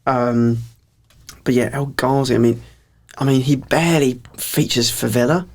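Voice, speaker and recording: A man's voice: medium pitch, a little slow. A man co-hosting a casual football podcast, chatty with lots of fillers and hesitations. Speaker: podcast co-host.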